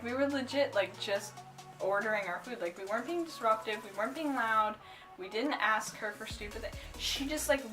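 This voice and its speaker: A young woman vlogger telling a casual story, rambling with lots of "like" and "um" and breaking into giggles. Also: fairly high pitch. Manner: rambling, full of "like" and "um"; giggly, bursts into excited squeals. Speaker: cosplay vlogger.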